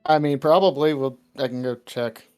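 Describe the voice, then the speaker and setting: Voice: medium pitch, moderate pace, darkish tone, clean tone, faint music behind. A player of a tabletop game, joking casually and laughing often. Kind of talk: casual chat while playing.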